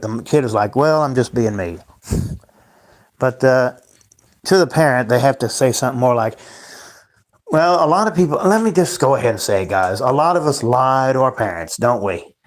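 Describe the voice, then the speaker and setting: Man ranting on a livestream. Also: mid-range voice. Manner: ranting, repetitive, addresses chat as guys. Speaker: livestream host. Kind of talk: rambling livestream monologue.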